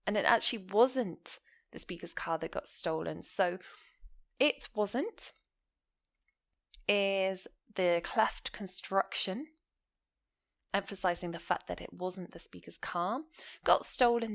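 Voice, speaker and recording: A woman gives a grammar lesson in a clear, explanatory voice. She walks through example sentences and stops to ask the listener questions. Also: medium pitch, takes it slowly, long pauses. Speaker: English teacher.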